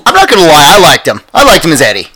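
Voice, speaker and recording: A man co-hosting a casual podcast, tossing in quick joking asides. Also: a little high, wildly swooping pitch. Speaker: podcast co-host.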